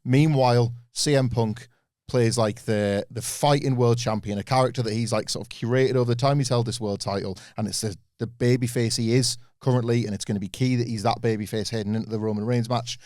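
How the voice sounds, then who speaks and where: Chatty guy on a wrestling podcast, goes on excitedly, dry close mic. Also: mid-range voice, fairly quick, no room sound. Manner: enthusiastic, rambling with restarts and asides. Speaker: podcast co-host. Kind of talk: casual opinionated chat.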